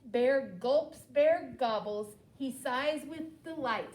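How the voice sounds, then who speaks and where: Animated woman reading a picture book to children. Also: sits high, takes it slowly, few pauses. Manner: animated, expressive, with asides to the children. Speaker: teacher leading a language group. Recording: echoey room with faint background hum.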